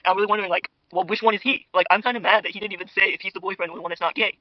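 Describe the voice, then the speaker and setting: A man's voice: high voice, fairly even intonation, rapid-fire, dry recording, dull audio. A young man rambling in a gossipy, mock-outraged way as host of a parody internet drama commentary, full of fillers and asides to viewers. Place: home dinner table. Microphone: podcast mic.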